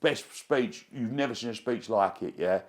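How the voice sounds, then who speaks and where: A man spins a breathless personal story for an interviewer. His voice sits a little low, and he rambles along with slang and quick restarts, caught up in the telling. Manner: excitable, rambling, fond of slang. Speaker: interview guest. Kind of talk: animated anecdote telling.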